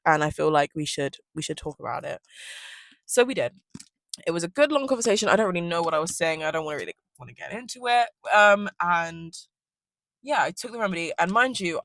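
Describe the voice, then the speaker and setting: A woman's voice: fairly low pitch, fairly bright tone, dry recording. A young woman, rambling casually through a storytime in her car and swearing freely. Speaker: vlogger.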